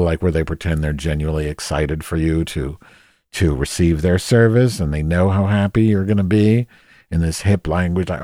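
A man's voice: low-pitched, fairly even intonation, moderate pace, warm tone, no room sound, clean studio sound. A man telling a comic story as a rant, profane and exasperated. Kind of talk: comedic rant monologue.

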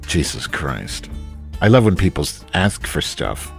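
Low-voiced man rambling at his chat. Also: very animated, measured pace, creaky, slightly rough, soft background music. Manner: profane, rambling, reacting to viewers; swings between loud outbursts and low mutters. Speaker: livestreamer reading chat. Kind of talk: rambling live-stream chat.

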